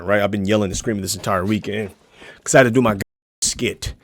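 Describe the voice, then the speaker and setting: A young man streaming a casual reaction video, profane and mocking, swinging into shouts. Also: on the low side, fairly quick, no room sound.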